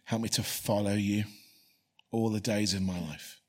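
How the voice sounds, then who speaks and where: Male pastor, lowish husky voice, earnest and repetitive. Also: steady tone, a little slow. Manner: earnest, repeats key phrases for emphasis. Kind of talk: preaching, then leading a prayer.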